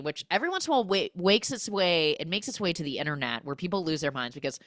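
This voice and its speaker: A woman with a low voice recaps a movie for her podcast, her pitch swinging up and down as she gossips. She chatters along with plenty of 'like'. The sound is dry and close, with no room echo. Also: fast talker, few pauses. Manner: animated, gossipy, full of 'like'. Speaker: podcast host.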